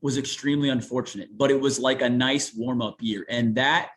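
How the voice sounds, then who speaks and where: A man from Newark, Ohio, with a Central Ohio accent, a TV sportscaster talking as a guest in an animated, folksy way. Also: mid-range voice, fairly quick. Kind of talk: casual sports interview.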